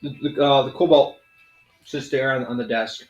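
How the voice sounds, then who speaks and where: A man's voice: medium pitch, fairly even intonation, moderate pace, reverberant, dull audio, faint music behind. Rambling man narrating a tabletop game. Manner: loose, rambling description full of fillers. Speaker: game master.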